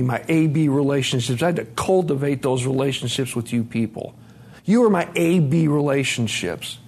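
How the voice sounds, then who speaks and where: A man's voice: a little high, darkish tone. A man, sharing a raw, profane, confessional recovery story at a conference. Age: 40s. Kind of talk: emotional personal testimony. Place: conference room.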